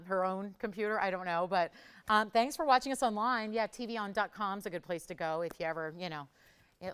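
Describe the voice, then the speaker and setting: A woman hosting live jewelry shopping, chatty and upbeat, pitching deals and reading out viewer messages. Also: smooth. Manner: pushes deals with "I'll tell you what".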